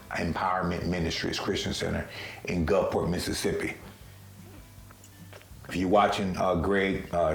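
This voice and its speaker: Man, low voice, gravelly, earnest personal testimony, casual storytelling, roomy echo. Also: slight background noise. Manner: earnest, conversational, emotional retelling. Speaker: storyteller recounting own experience.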